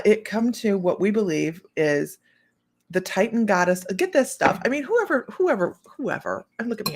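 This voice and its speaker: Hosting a psychic livestream, this middle-aged woman chats casually through a drawn-out, wandering story, frequently starting over and briefly welcoming viewers. Her voice sits fairly low and sounds gravelly.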